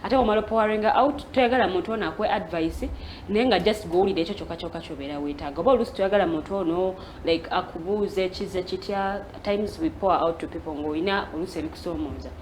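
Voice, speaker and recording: Fast-talking Ugandan woman, lower voice. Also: darkish tone, a little hiss or hum. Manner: earnest, switches between English and Luganda. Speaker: panelist. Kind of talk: casual chat.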